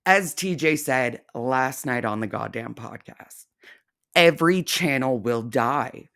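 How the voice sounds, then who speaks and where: A woman's voice: rumbling low, expressive, slow, a bit bright. A woman hosting a reaction video, ranting in a profane, sarcastic and scornful way. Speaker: reaction channel host.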